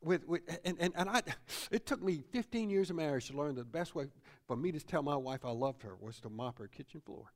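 Animated man preaching a sermon. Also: fairly high pitch, fairly quick. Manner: animated preaching, repeats phrases, tag questions like "see?". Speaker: pastor.

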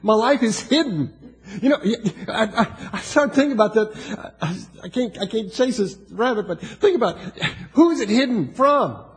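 A man's voice: high voice, animated, moderate pace. A man with a Southern US accent preaching a sermon in a folksy way, with joking asides and rising emphasis. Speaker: pastor.

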